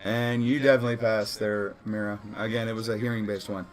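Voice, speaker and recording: A man's voice: on the low side, steady tone, a little fast, soft background music. A man running a tabletop role-playing session as game master, casual and laughing, often correcting himself.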